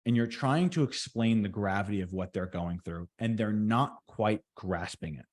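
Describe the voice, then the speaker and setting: A man co-hosting a casual podcast, an electrician who talks in a deliberate, reflective way and slows down on purpose to make a point. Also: fairly low pitch. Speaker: podcast co-host.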